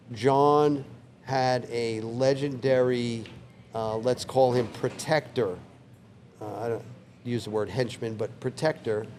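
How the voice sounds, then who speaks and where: An older man who owns a bar unwinds a vivid story from his couch. His pitch sits in an ordinary middle range, and his relaxed storytelling is backed by a faint hiss of background noise. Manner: relaxed, vivid anecdote teller who acts out quoted lines. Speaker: bar owner telling a story. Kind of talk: casual storytelling interview.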